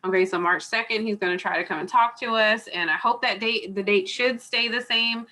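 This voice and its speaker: Through a computer mic on a video call, a woman instructor runs an online college review lecture from a home or office. Her voice is mid-range, pushed and bright, and fairly quick. She rambles in a chatty way and uses plenty of fillers.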